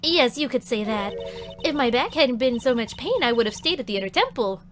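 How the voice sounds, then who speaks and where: A jolly old head nun with a high, lively, sing-song voice, as a woman streamer puts her on. She talks in a folksy, teasing way, reading game dialogue over soft game music. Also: brisk. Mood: storytelling. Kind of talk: game dialogue read aloud.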